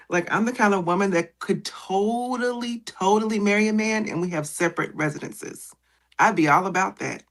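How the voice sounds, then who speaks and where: A woman's voice: fairly low pitch, a little fast, fairly bright tone. A woman speaking as a guest in a casual chat, frank and emphatic with a light humorous touch.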